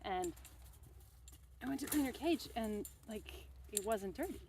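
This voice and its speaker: A woman's voice: medium pitch, expressive, a little slow, background noise. Chatty young woman telling stories outdoors. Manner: rambling, chatty, with many fillers and asides. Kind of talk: casual storytelling while working. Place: outdoors at a fence.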